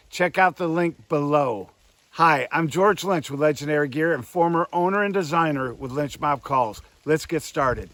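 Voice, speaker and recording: Male outdoors call instructor, slightly high voice, dry close sound, demonstrative teaching. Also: a bit bright, no room sound. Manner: demonstrative, drawn-out breathy vocal sounds. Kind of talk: hands-on tutorial. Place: outdoors next to woods.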